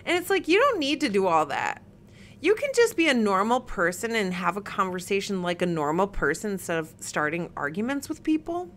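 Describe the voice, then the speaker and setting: A woman's voice: medium pitch, very animated, moderate pace, a bit bright, a little hiss or hum. A woman co-hosting a casual podcast, ranting heatedly and swearing a lot as she reads viewer comments. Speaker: podcast co-host.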